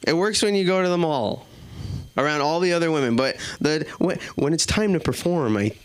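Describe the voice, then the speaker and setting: A man's voice: a little high, animated, a little fast, smooth. A man doing a stand-up set in a small comedy club, self-deprecating and chatting with the crowd.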